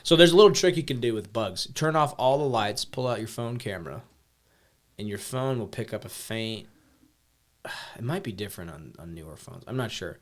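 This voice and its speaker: A man's voice: fairly low pitch, lively intonation, normal speed. A man on a casual podcast explaining things loosely, with plenty of fillers and casual swearing. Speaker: podcast co-host.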